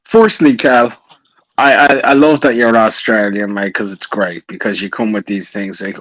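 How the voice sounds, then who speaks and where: A man hosting a casual chat, ranting in an animated way and swearing freely. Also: fairly low pitch, normal speed, dry recording, low-quality recording.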